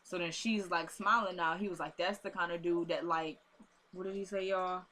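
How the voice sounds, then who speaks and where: A woman's voice: lowish voice, steady tone, normal speed, pushed and bright, slight background noise. Chatty young woman recapping a TV episode. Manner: chatty, retells scenes with quoted dialogue and asides.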